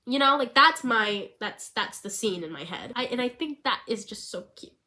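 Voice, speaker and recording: A woman chatting casually in a vlog about writing a screenplay for fun. She rambles in a bubbly way, fills her talk with "like", and sometimes drops into a soft, hushed tone. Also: fairly high pitch, lively intonation, normal speed. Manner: bubbly, rambling, full of "like" fillers. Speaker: vlogger and hobby screenwriter.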